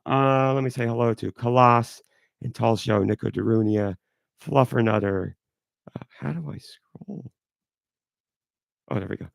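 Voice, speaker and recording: A sick man hosting a live podcast with a hoarse, stuffy voice, rambling and apologetic. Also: medium pitch, measured pace, long pauses, no room sound, clean studio sound. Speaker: podcast host. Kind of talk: casual live podcast chat.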